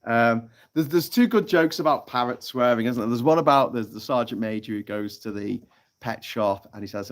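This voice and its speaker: A man's voice: mid-range voice, brisk. Brief: male stream host, casual and sweary, chatty joke-teller, mid-range voice. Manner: chatty and sweary, telling jokes with lots of laughter. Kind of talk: casual live-stream chat reading out chat comments. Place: off-grid tropical island, from a hammock.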